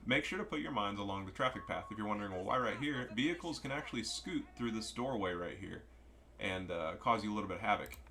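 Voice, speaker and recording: A man's voice: lowish voice, lively intonation, fast talker, sharp tone. A man giving casual, joking and profane commentary over a strategy game match. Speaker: gameplay commentator.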